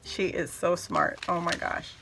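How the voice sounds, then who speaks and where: A woman hosting a casual crafting vlog, gushing and excitable as she shows off a handmade gift and talks to her viewers. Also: lowish voice, a little slow, soft background music. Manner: gushing, excitable, squeals and laughs often; addresses viewers as "guys". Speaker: crafting video host.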